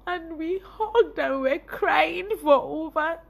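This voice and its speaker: A young woman with a Nigerian accent tells a personal story straight to her viewers. Her voice sits high and keeps breaking into laughter and tearful emotion. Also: takes it slowly, vocal fry. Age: young adult. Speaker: vlogger.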